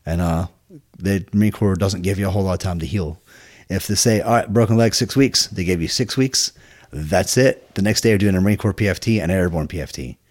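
A middle-aged man from Scotland with a Scottish accent, telling stories from his life in a casual interview, halting and full of restarts. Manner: halting, many restarts, low and quiet asides. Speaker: podcast guest.

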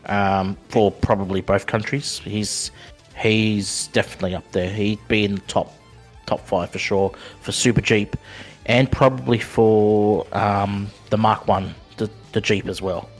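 A man co-hosting a casual gaming podcast, talking in halting bursts with many ums and restarts. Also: fairly low pitch, steady tone, soft background music. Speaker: podcast co-host.

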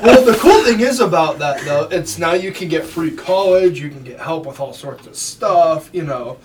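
A man co-hosts a relaxed podcast chat, trading goofy, self-mocking jokes. His voice is quite high for a man, and it comes from some way off the mic with clear noise behind it. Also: normal speed, far from the mic. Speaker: podcast co-host. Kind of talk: casual chat.

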